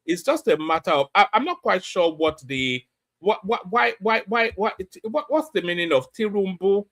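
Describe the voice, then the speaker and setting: A man's voice: high-pitched, lively intonation, moderate pace, a bit bright. A middle-aged man hosting a reaction commentary, incredulous and stumbling over repeated words. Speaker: commentary host.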